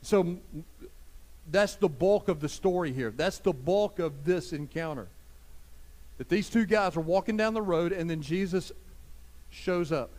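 A man preaching a sermon as pastor, talking straight to his listeners, swinging from loud emphasis to soft, hushed lines. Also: high-pitched, measured pace, pauses often. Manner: conversational, addresses listeners directly.

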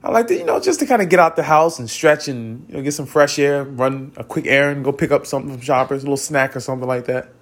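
A man's voice: mid-range voice, expressive, fast, few pauses. A young man earnestly recounting a spiritual experience in a rambling way, with many restarts and moments where he gets tearful. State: tearful at times. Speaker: vlogger. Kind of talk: personal spiritual storytelling.

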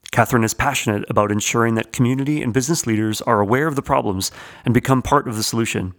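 A man's voice: medium pitch, quick pace, fairly bright tone. A man, co-hosting a podcast and reading an earnest, inspirational intro. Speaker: podcast co-host.

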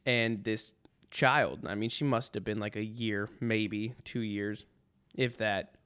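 A man's voice: fairly low pitch, steady tone, slow, a bit bright, clear, resonant tone. A man hosting a podcast, telling a rambling, sarcastic story in a casual monologue full of restarts. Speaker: podcast host.

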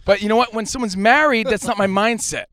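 A man's voice: high-pitched, quick pace, a bit bright. A man co-hosting a talk radio show, arguing emphatically and swearing a lot as he bickers with his co-host. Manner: argumentative, profane, emphatic. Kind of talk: heated talk radio banter.

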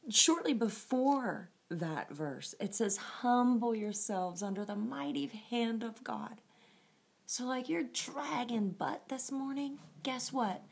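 A woman's voice: fairly high pitch, creaky, breathy edge. A woman hosting a casual devotional talk, often laughing and thinking aloud as she goes. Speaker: host of a devotional show.

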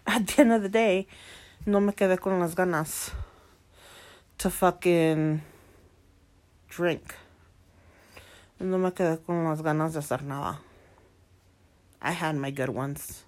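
A woman's voice: lowish voice, a little slow, long pauses, darkish tone. A woman of twenty-nine, a single mother, venting in a defiant monologue full of swearing and repetition, slipping between English and Spanish. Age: 20s. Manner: heavy swearing, defiant, repeats herself.

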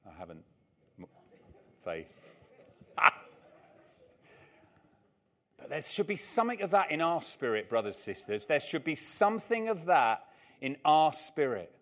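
A man's voice: on the high side, vocal fry, a bit bright. An older man preaching a sermon, emphatic and repeating his key lines, with chatty, humorous asides.

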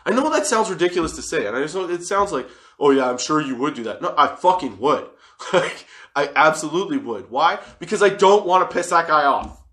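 A man's voice: fairly high pitch, sing-song, a little fast, bright, forceful tone. A man in his thirties telling a workplace story as a casual monologue, swearing freely and laughing often.

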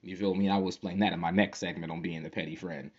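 A man's voice: low-pitched, steady tone, fast talker, highs cut off. A man hosting a casual solo podcast, slangy and profane, often laughing as he tells stories. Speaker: podcast host.

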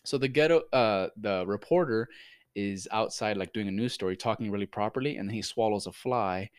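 A man co-hosting a casual podcast, telling stories in an animated, profane way and laughing at himself. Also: lowish voice, fairly quick, clean tone, no echo, studio quality. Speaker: podcast co-host. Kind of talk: casual storytelling chat.

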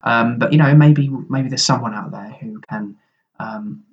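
A man co-hosting a podcast in casual chat, wry and rambling, with a husky voice and a recording that turns muffled at times. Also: medium pitch, unhurried. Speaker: podcast co-host. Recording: muffled at times from tech problems.

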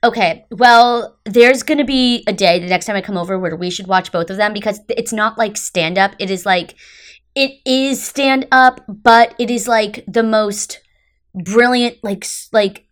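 Bright-voiced young woman chatting animatedly. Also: medium pitch, measured pace. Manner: animated, chatty, many fillers. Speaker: podcast co-host. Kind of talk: casual chat.

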